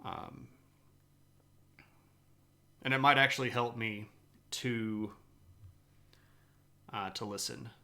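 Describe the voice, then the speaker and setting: A man from the southeastern United States with a light Southern accent, giving a live-streamed history talk and chatting with viewers, with many pauses and fillers. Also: mid-range voice, steady tone, sharp tone. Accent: light Southern American.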